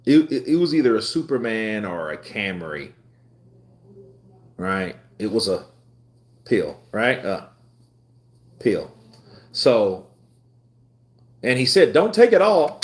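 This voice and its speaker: Laid-back young man with lively pitch. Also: takes it slowly, long pauses. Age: 20s. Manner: laid-back, laughs often, rambling anecdotes. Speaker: livestream host. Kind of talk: casual live commentary and storytelling.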